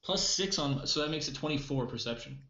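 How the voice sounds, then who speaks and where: Animated male tabletop player. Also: on the high side, fairly quick, roomy sound, lo-fi sound. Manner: hesitant, animated. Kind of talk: in-character tabletop play.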